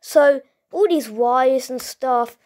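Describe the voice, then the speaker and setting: A woman with a fairly high voice improvises a toy role-play. She drawls her lines slowly and playfully, with excitable bursts. The tone is loose and homemade. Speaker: toy video performer.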